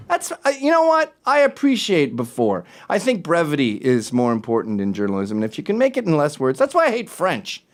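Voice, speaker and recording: A man hosting a talk show, ranting in an animated, sarcastic way, jumping between loud remarks and muttered asides. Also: fairly high pitch, fairly quick, few pauses. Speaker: show host. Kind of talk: opinionated talk-show rant.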